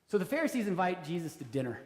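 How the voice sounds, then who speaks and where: A man preaching a sermon in a church, conversational and animated, acting out the quoted voices of the people in his story. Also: high-pitched, fast. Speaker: pastor. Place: church sanctuary. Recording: roomy church reverb.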